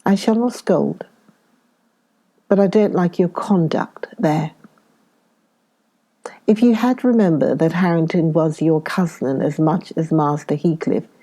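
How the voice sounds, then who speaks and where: A woman voicing an older housekeeper who speaks softly and hushed, mildly scolding. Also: low-pitched. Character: older female housekeeper, gently reproving.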